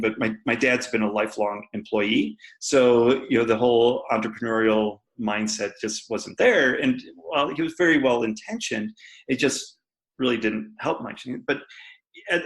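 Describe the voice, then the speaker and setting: Gravelly-voiced man telling a personal story. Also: mid-range voice, a bit bright, rough recording. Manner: candid storytelling with laughs. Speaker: guest entrepreneur. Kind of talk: storytelling in a podcast interview.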